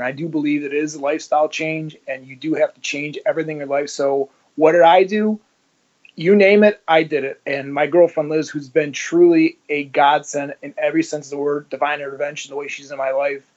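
A man's voice: a little high, a little mellow. A middle-aged man, a former police officer, telling his story in a casual interview and acting out the dialogue he quotes. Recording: slightly muffled lo-fi audio.

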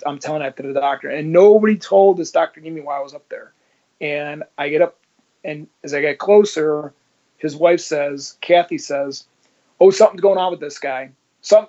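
A man's voice: fairly high pitch, darkish tone. Man telling a story, muffled sound. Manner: vivid, swears, acts out dialogue. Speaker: interview guest. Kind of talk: personal storytelling. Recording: dull lo-fi sound.

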